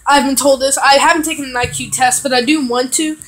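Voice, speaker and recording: High-voiced young woman vlogging from Texas. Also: fairly even intonation, fast talker, fairly bright tone, poor audio. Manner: chatty, digressive, swears casually, self-mocking. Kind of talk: casual rambling vlog. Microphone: phone camera.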